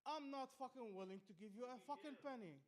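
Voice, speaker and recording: A high-pitched man rants through an open-mic stand-up bit, swearing constantly and defiantly. He shouts some lines and mutters others under his breath, all in a rambling, unpolished flow. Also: fairly quick. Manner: profane, defiant, loud bursts then muttering. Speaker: stand-up comedian. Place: small comedy club.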